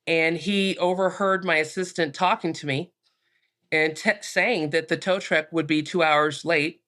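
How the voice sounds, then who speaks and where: A woman, a minister and podcast guest, calmly telling a personal story with frequent fillers. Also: sits low, measured pace. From United States.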